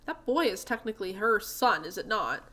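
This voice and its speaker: Lady doing a gruff old farmer guy in a game, loud and curt, grumpy. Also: medium pitch, big pitch swings, moderate pace. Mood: bitter. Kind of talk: reading game dialogue aloud.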